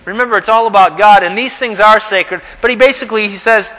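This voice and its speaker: A man's voice: high-pitched, fast, few pauses, sharp tone, big-room sound, low-quality recording. A man preaching a sermon, asking rhetorical questions and acting out the quotes he reads. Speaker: pastor.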